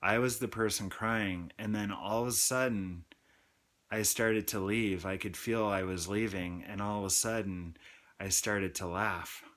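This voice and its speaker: A man in his thirties gives a personal testimony on his own channel. His voice sits a little low, and he talks very slowly. He halts, restarts and comes back to his words in a confessional way. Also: steady tone, fairly bright tone. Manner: slow, halting and confessional, with repeated restarts. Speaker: channel host.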